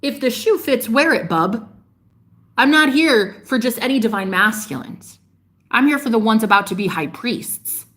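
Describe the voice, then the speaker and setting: A woman delivering a fiery, preachy monologue straight to her viewers, swearing freely and scolding them, with sharp jumps in pitch on her outbursts. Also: expressive, moderate pace. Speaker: spiritual vlogger. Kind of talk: ranting monologue to camera.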